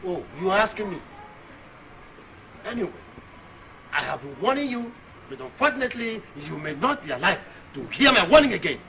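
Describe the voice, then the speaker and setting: A menacing village elder. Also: male voice, sits high, very animated, a little fast, gravelly, pauses often, crowd noise, full character voice, poor audio. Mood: threatening. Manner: loud, menacing, shouting threats. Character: threatening elderly village man claiming land. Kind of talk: Nollywood film acting.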